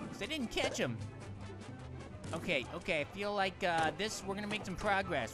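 On his gaming channel, a man with a high, expressive voice gives goofy let's-play commentary at a slightly fast clip. He packs it with puns and jokes and talks to the characters on screen while game music plays behind him.

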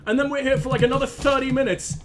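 A man's voice: very high voice, little pitch movement, fast talker. A young man commentating his own gameplay, self-mocking and swearing, with sudden yelps when he fails. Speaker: gaming channel host. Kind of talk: let's play commentary.

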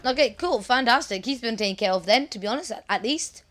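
A woman giving chatty, excitable gameplay commentary, often apologizing to her viewers. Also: on the high side, fast talker. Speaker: let's play gamer.

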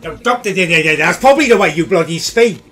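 A man, livestreaming and yelling angry, swearing commentary at his game and his chat. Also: high voice, expressive, normal speed, faint music behind. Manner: shouting, swearing, exasperated outbursts. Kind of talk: raging live gameplay commentary.

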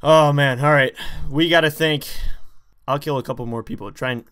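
Excitable man narrating his gameplay. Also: medium pitch, brisk. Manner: excitable, jumpy, talks straight to viewers. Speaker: gaming channel host. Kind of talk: let's play commentary.

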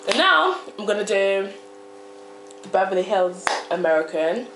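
A woman vlogging casually, with a low-key, giggly way of talking. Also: sing-song, a little slow, fairly bright tone, roomy sound, a little hiss or hum. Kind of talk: casual vlog.

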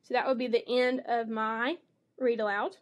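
A woman's voice: a little high, flat delivery, normal speed, lo-fi sound. A woman teacher demonstrating a read-aloud lesson for young children, explaining each step and voicing the animal sounds with expression.

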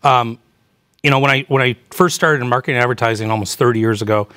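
A man's voice: medium pitch, fast talker, sharp tone. A man around fifty, an executive guest, telling candid stories in a casual interview with many fillers. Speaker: chief marketing officer, guest.

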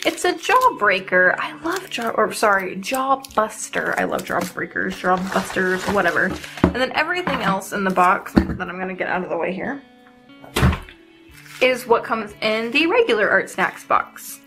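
A young woman hosting her art channel, chatting casually and excitedly as she unboxes art supplies. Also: mid-range voice, normal speed, over music. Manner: bubbly, excitable, giggly.

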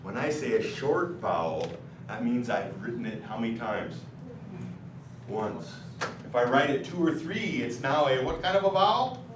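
A man's voice: medium pitch, lively intonation, normal speed, background noise. A man teaching a classroom language lesson, patiently quizzing his students as he explains vowels and word patterns. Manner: patient, asks students questions. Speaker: language instructor. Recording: roomy classroom recorded from a distance.

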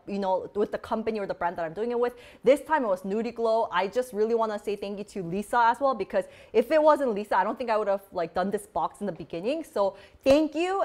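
A beauty vlogger with a medium-pitched, darkish voice demos products in a casual live chat. She sounds bubbly and relaxed, and "like" shows up all the time as a filler.

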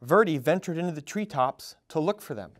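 A man reading a children's storybook aloud at a storytime, in an expressive, animated way. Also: on the high side, a little fast. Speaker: storytime reader.

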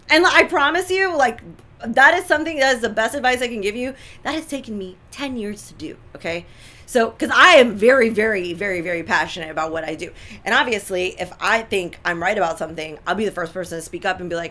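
Bright, emphatic woman giving advice. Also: a little high, fast talker. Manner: emphatic, animated, repeats herself for effect. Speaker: co-host giving relationship advice. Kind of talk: casual advice chat.

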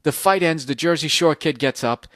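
Man in his 40s, from the US, podcast host, slightly hoarse, swearing rant, dry close mic. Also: fairly high pitch, normal speed, a bit bright, dry recording. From United States. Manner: profane, rambling storyteller, incredulous. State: sore throat, slightly hoarse.

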